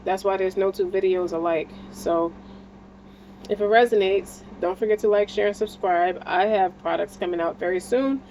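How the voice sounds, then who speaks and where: A woman's voice: mid-range voice, fairly even intonation, normal speed, darkish tone, slight background noise, poor audio. A woman giving a casual spiritual tarot reading, talking in a blunt, slangy and encouraging way and swearing freely. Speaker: tarot card reader.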